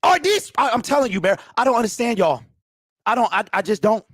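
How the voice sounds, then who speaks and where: High-voiced man ranting hotly. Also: sing-song, fairly quick, fairly bright tone, dry recording, clean studio sound. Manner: heated, exasperated ranting, repeats himself. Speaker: fan show host. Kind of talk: postgame fan call-in rant.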